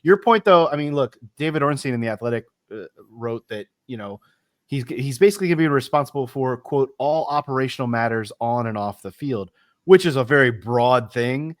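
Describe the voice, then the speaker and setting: Guy on a football podcast, thinks out loud, lots of restarts, dry sound. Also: mid-range voice, animated, no room sound. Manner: measured, analytical, stumbles over repeated words. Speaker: podcast co-host. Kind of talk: casual football podcast chat.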